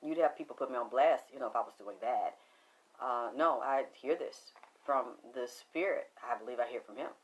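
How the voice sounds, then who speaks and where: A woman's voice: very deep voice, normal speed. A middle-aged woman with a Southern Atlanta accent, chatting casually on a livestream, laughing often and talking back to viewer comments. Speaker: livestream host.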